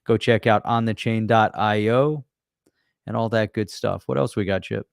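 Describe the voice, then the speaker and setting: A man's voice: lowish voice, fairly even intonation, moderate pace, creaky, clear, resonant tone, dry recording, clean studio sound. A man co-hosting a casual chat, upbeat and hyping the topic, with plenty of fillers. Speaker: co-host.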